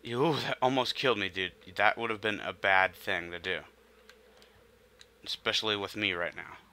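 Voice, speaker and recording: A man's voice: lowish voice, normal speed, bright, forceful tone. Frustrated young man swearing at a game. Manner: frustrated, swearing, muttering under breath. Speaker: gameplay commentator. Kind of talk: let's play commentary.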